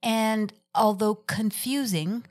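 A woman's voice: mid-range voice, slow. A woman chatting casually as a podcast co-host, often echoing and agreeing with her partner. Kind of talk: casual chat reviewing a film.

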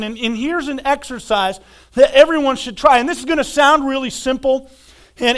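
A man in his thirties preaching a sermon as pastor, animated and repeating words, acting out quoted voices. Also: very high-pitched, clean tone.

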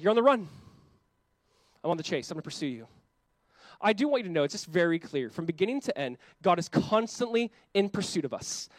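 A young adult man preaching a sermon as pastor, impassioned and often voicing God in quick quoted asides. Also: high voice, no echo.

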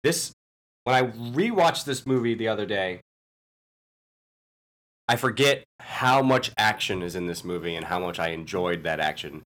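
A man's voice: lowish voice, moderate pace, pauses often, a bit bright. A man co-hosting a casual movie podcast, talking in an enthusiastic, opinionated way. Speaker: podcast co-host.

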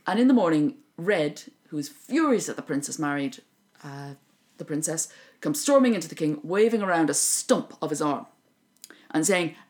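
An Irish woman co-hosting a podcast, retelling a folk tale in a lively, joking chat. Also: sits low, normal speed. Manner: animated, joking narration. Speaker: podcast co-host. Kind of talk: casual storytelling chat.

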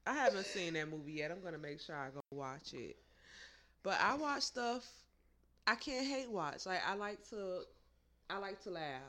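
A woman co-hosting a podcast, with loud, laughing reactions and quick quips in casual chat. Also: lowish voice, expressive. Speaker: podcast co-host.

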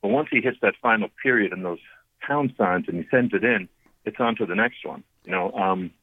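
A man in his fifties, a radio guest telling family stories in a lively, anecdotal way, often restarting his sentences. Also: on the low side, fairly quick, gravelly, no room sound. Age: 50s. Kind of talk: storytelling on a call-in interview. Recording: tinny phone line.

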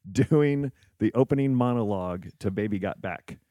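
A man's voice: on the low side, normal speed, warm tone, no echo, clean studio sound. A young man hosting a podcast, chatting casually and laughing often at his own expense. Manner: laughs often, self-mocking. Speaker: podcast host. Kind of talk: casual chat. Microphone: podcast microphone.

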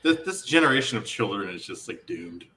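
Male co-host, halting delivery, distant from the mic, light background hiss. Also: lowish voice, very animated, pushed and bright. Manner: halting, repeats words, self-mocking. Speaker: podcast co-host. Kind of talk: casual chat.

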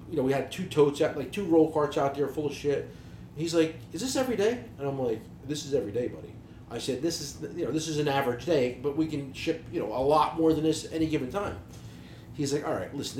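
A man's voice: a little high, a little mellow, reverberant, slight background noise. A man, telling stories in casual chat with blunt, profane language. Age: 40s. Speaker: podcast co-host, business owner.

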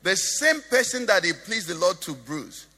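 A man preaches in a lively, swooping sing-song voice, his tone bright and a little husky. He keeps turning to the congregation with questions, and his words ring out with the long reverb of a church hall. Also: high-pitched, normal speed. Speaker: pastor. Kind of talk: sermon.

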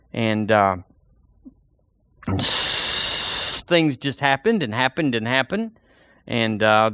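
A man's voice: medium pitch, a bit bright, no echo, studio quality. A man preaching a sermon as pastor, folksy and full of rhetorical questions.

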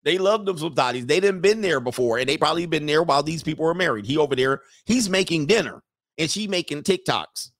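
A man's voice: on the high side, animated, quick pace, a bit bright. A man doing comedic reaction commentary, sarcastic and laughing often.

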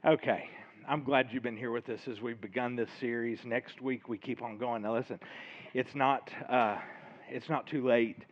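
Breathless pastor closing a sermon. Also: male voice, mid-range voice, fairly even intonation, moderate pace, highs cut off. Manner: informal, earnest, with hesitations.

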